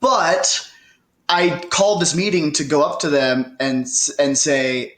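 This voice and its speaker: A man's voice: a little high, a little slow, fairly bright tone, echoey room. A man who teaches drum corps, a guest in a casual podcast interview, talking in a reflective way and laughing at himself.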